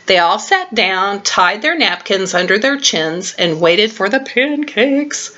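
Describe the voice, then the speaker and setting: An older woman at home reading a children's storybook aloud to her grandchild, warm and expressive, recorded on a webcam. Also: medium pitch, slow, dull audio.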